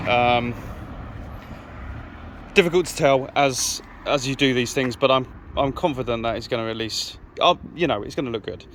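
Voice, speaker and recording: A man's voice: medium pitch, a bit bright. A British man with an easygoing manner, giving casual commentary while he works on a car outdoors on a windy day. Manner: easygoing, thinks aloud with fillers. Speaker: car restoration vlogger.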